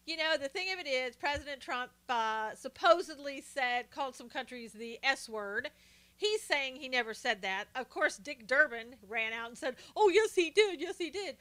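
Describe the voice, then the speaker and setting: A woman's voice: sits high, moderate pace, bright, forceful tone. An older woman hosting a casual political commentary livestream, chatting and greeting viewers by name as she talks. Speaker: live stream host.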